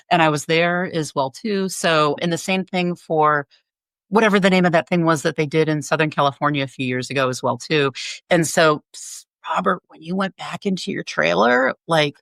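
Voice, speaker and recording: A middle-aged woman, a photographer, telling animated stories in a casual interview and acting out quotes with laughter. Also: sits low, dry recording. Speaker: photographer guest. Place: her home.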